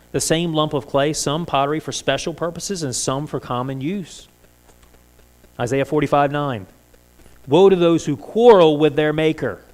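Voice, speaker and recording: A man preaching a sermon in a church, talking conversationally and asking the congregation many rhetorical questions. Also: on the high side. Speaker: pastor.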